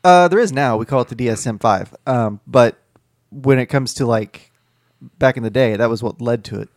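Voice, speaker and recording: A man's voice: mid-range voice, moderate pace, dry recording. Rambling man on a close, dry mic. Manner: rambling, explanatory, heavy on fillers. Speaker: podcast co-host, mental health professional. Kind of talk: casual group chat.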